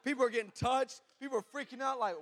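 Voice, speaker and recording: A man, a pastor telling a story in a sermon, animated and acting out the people in it. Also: very high voice, fast talker. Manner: animated, acts out shouts and voices of people in his story. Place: church hall before a congregation.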